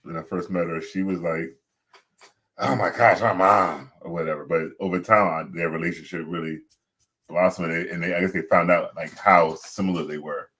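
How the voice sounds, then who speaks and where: Brief: male podcast co-host, lowish husky voice, relaxed and quick to laugh. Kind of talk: casual chat.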